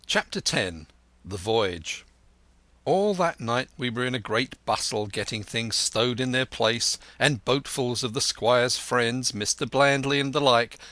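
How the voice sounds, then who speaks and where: Bright-voiced male audiobook narrator. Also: medium pitch, no echo. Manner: measured storytelling, voicing each character.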